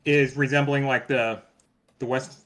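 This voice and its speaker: A man's voice: mid-range voice, steady tone, unhurried, a bit bright. A man playing a tabletop role-playing game, narrating his character's actions hesitantly, with many restarts. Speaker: player.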